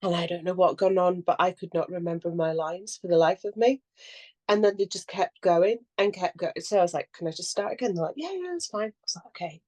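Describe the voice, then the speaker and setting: Woman, young adult, somewhat low voice, casual podcast chat, animated storytelling, acts out quotes, laughs often. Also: a little fast. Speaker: actor and podcast co-host.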